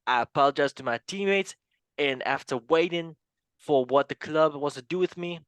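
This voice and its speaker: A man's voice: a little high, moderate pace, a bit bright, clean tone, no echo, studio quality, natural voice. A man putting on the voice of a brash, careless young basketball player, swaggering and offhand.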